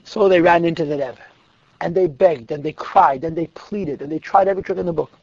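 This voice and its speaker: Gravelly high-voiced man telling a story. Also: brisk, no room sound. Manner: animated and emphatic, repeats words for stress. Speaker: religious storyteller. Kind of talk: telling a Hasidic story to listeners. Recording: dull lo-fi, dry recording.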